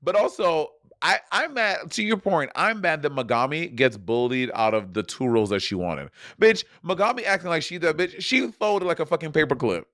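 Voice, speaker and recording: A man co-hosting a casual chat, playful and teasing, quick to laugh. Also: a little high, animated, fairly bright tone, no echo, clean studio sound. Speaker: podcast co-host.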